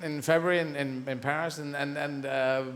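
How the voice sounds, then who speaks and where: A man's voice: a little high, steady tone, moderate pace, a bit bright, a little hiss or hum. A man doing stand-up comedy on stage, talking animatedly and jumping between voices. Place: large theatre stage. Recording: echoey live theatre recording.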